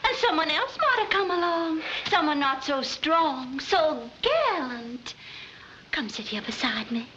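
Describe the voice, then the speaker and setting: A woman's voice: high-pitched, big pitch swings, measured pace, bright, forceful tone, slight background noise, heavily acted. An actress playing a scheming young woman who fakes a swooning southern belle with a put-on Southern drawl, in 1940s film style. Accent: put-on American Southern. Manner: breathy, melodramatic, coy. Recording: muffled 1940s film soundtrack.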